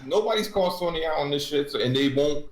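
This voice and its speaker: A man's voice: on the high side, lively intonation, quick pace. A man co-hosting a casual gaming podcast, ranting in a loose, joking, profane way. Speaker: podcast co-host. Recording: roomy echo.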